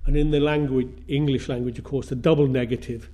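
A man preaching a sermon in a measured way, repeating phrases for emphasis. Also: mid-range voice, steady tone, dark tone.

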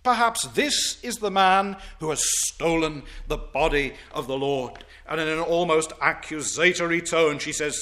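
A male preacher delivering a sermon, swinging from loud declaiming to hushed reverence. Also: fairly high pitch, measured pace, few pauses.

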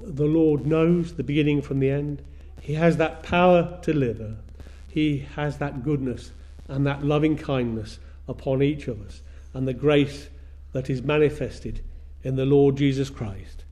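A man preaching a sermon in a measured way, repeating phrases for emphasis. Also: on the high side, mellow.

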